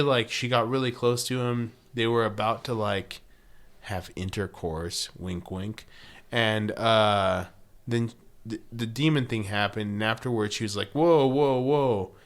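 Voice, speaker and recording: A man co-hosting a podcast, recapping a TV episode in casual chat, laughing often and cracking jokes. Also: fairly bright tone. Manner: laughing, wisecracking, jumps into high mock voices for quotes. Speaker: podcast co-host.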